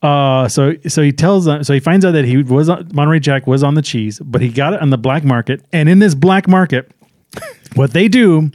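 A man's voice: a little high, a little mellow, no echo, studio quality. A man co-hosting a movie review podcast, talking casually and rambling with lots of fillers. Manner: rambling, quick interjections, frequent fillers. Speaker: podcast co-host.

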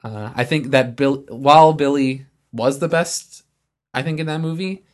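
A man's voice: mid-range voice, a little slow. A man co-hosting a podcast, chatting loosely about a film he just saw, with lots of fillers. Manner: loose, filler-heavy movie talk. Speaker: podcast co-host. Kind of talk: casual chat.

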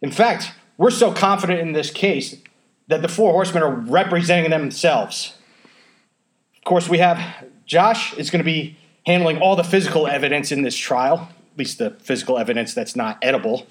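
A man's voice: on the high side, normal speed. Man playing a mock defense lawyer. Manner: playful, theatrical mock-lawyer delivery. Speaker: podcast host. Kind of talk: mock courtroom speech, then casual podcast chat.

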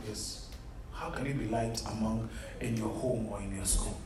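A man's voice: fairly low pitch, normal speed. A man leading a Bible study as an interactive sermon, earnestly quizzing his listeners and calling them "beloved". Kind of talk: interactive sermon to a youth group. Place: room set up with chairs. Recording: echoey room, mic far off, faint hum.

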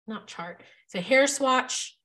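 A woman with a slightly high voice teaches hair chemistry to fellow stylists. She talks casually and emphatically, circling back to key points and tossing in "like" and "right?" as she goes. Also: animated, takes it slowly, sharp tone. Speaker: hair color educator.

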